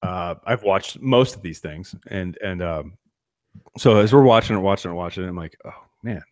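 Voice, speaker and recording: A man's voice: deep voice, normal speed, no room sound, clean studio sound. A man co-hosting a podcast, chatting casually and rambling with self-deprecating asides. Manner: rambling, self-deprecating, many restarts and fillers. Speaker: podcast co-host. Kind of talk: casual chat.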